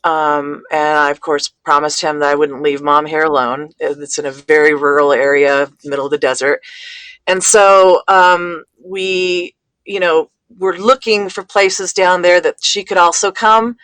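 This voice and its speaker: A woman speaking as a guest in a casual conversation, talking haltingly with many fillers and restarts. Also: deep voice, steady tone, fairly bright tone, clear, resonant tone, no echo. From California.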